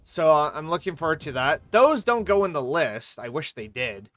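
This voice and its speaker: A woman's voice: sits low, very animated, normal speed. A woman streaming her gameplay live, coming down with a sore throat and coughing, chatting casually in a rambling way and swearing now and then. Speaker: game streamer.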